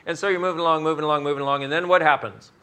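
A man's voice: fairly high pitch, fairly even intonation, very fast, noisy background. A man leading a live class, talking animatedly, acting out inner voices, swearing and laughing at his own jokes. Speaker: workshop facilitator. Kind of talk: live workshop talk. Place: class in front of an audience.

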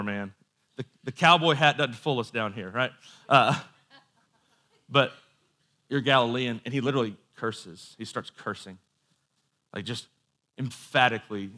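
A man's voice: mid-range voice, a little slow, pauses often, bright, forceful tone. A man preaching a sermon in a conversational storytelling way, with asides and quoted voices.

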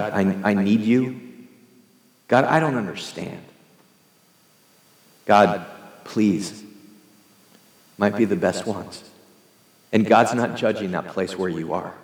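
A man preaching a sermon to his congregation in a conversational, earnest way, leading them in prayer. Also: on the low side. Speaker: pastor. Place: church hall. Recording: echoey hall reverb.

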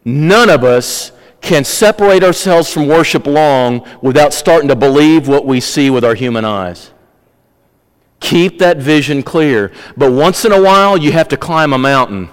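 High-voiced preacher in a reverberant hall. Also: male voice, lively intonation, a little slow, smooth. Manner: earnest storytelling preacher, varies pace, drops low for emphasis. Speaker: pastor. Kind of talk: sermon.

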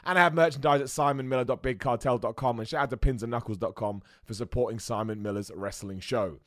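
A man hosting a wrestling show, chatting excitedly and poking fun at himself. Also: mid-range voice, quick pace, no echo, studio quality. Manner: chatty, excitable, self-mocking with laughs. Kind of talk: casual commentary and super chat reading.

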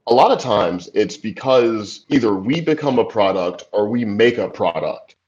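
A man in his forties, a screenwriter being interviewed, tells a long story in a relaxed, chatty way. His voice sits on the low side, and he keeps filling it with asides and laughs. The recording is muffled and lo-fi. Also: normal speed. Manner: loose and chatty, many "like" and "you know" asides, laughs easily. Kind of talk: casual storytelling. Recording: dull lo-fi recording.

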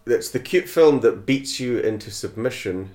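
A man's voice: mid-range voice, animated, normal speed, darkish tone, reverberant. A man on a podcast making dry, wry remarks about a film. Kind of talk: casual film review chat.

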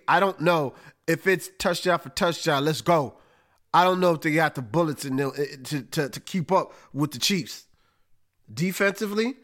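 A man talks through football picks with emphatic energy and street slang. His voice sits a little high for a man. He speaks like a casual host chatting with his listeners. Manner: animated, emphatic, folksy with slang. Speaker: podcast host. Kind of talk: casual sports analysis.

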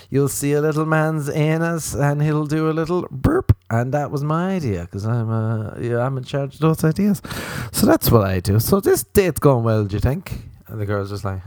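A man's voice: medium pitch, a little mellow, no echo. A man hosting a podcast, rambling in a crude, self-mocking comic monologue. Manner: crude, self-mocking, drifting into silly voices. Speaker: podcast host.

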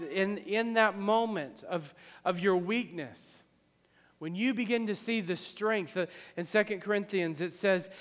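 A male pastor with a high voice delivers a sermon in a church sanctuary. He repeats his phrases for emphasis and moves between hushed and loud passages. The sound carries a long hall reverb. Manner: impassioned, repetitive preaching that swings from hushed to loud.

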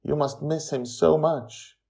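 A man voicing a gentle adult woman who speaks softly and soothingly in an audio story. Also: on the high side, steady tone, slow pace, gravelly, pitched above the performer's own voice. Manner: soft, soothing.

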